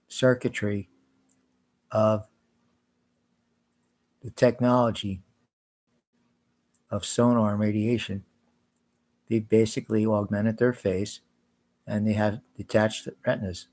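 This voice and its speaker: A man's voice: lowish voice, fairly even intonation, slow pace, pauses often, a little mellow. A man in an agitated, swearing, rambling rant. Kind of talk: angry profane rant.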